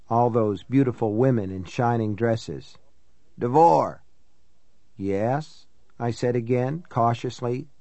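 A man reads a first-person novel aloud at a measured, reflective pace. His voice sits in a middle pitch and sounds dry and close to the mic. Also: dark tone, dry recording. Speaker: audiobook narrator.

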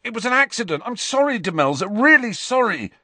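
A man's voice: very high voice, very animated, brisk, pushed and bright, no room sound, voice pushed up, exaggerated voice. A nervous, flustered teenage boy, as a man puts him on, pleading in a raised voice. The recording is close and dry. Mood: frantic apology.

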